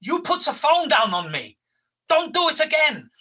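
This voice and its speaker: A man's voice: very high-pitched, very animated, moderate pace, bright, forceful tone, pitched above the performer's own voice, heavily acted. A man doing a furious barking bank boss. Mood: angry. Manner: barking, curt, repeating himself. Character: furious senior male bank boss on the phone.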